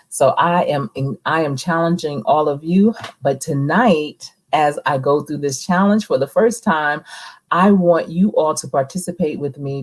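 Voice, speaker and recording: A woman's voice: sits low, darkish tone. A woman hosting a casual live stream, chatting with viewers and reading their comments aloud. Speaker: livestream host, coach.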